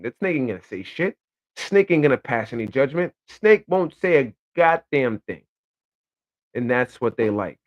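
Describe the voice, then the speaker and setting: A young man giving a blunt, profane, casual opinion monologue, telling stories with lots of energy. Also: medium pitch. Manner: profane, blunt, animated storytelling. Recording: slightly dull lo-fi audio.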